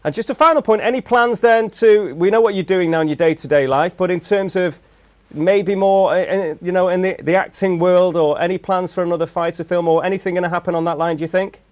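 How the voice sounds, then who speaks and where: Fast-talking joking male host. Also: high voice. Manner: joking, leads the questions. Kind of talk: studio chat show interview.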